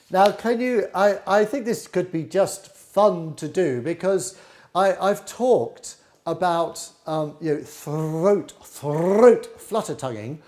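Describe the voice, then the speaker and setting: High, lively-voiced male flute teacher. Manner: encouraging, leads slow repeated tongue twisters. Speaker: flute teacher giving a masterclass. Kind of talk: live masterclass instruction.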